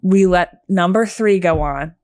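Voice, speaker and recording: Chatty low-voiced woman comedy host. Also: a little slow, darkish tone, dry recording, clean studio sound. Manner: chatty, peppered with "like". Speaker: podcast co-host. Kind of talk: casual comedic storytelling.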